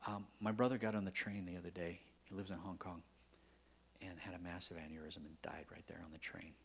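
A guest pastor preaches a sermon, telling stories conversationally and swinging between hushed whispers and loud, emphatic outbursts. His voice sits low with a level tone, moves fairly quickly, and carries a little hiss or hum.

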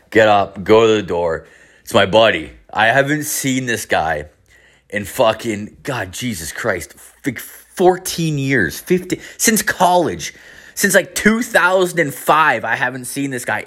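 A man's voice: mid-range voice, very animated, unhurried, fairly bright tone. A man in his thirties telling a rambling, profane comic story. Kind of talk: comedic personal storytelling.

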